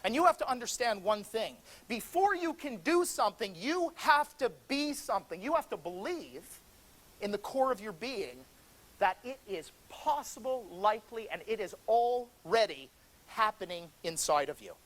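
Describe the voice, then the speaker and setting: A man's voice: high voice, sing-song, normal speed, a bit bright. A man giving a motivational speech to a seminar audience, telling a story with energy and drama. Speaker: motivational speaker. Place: seminar room before an audience.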